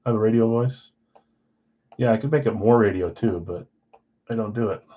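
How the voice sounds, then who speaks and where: A man hosting a live card-break stream in casual chat, rattling off names and teams, swinging between loud calls and quiet asides. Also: fairly low pitch, moderate pace, phone-quality sound.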